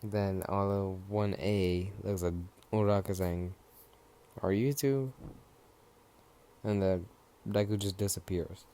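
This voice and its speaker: A man's voice: low-pitched, level tone, a little slow, few pauses, dark tone, slight background noise. A man casually narrating his own fan story, rambling and offhand with frequent fillers.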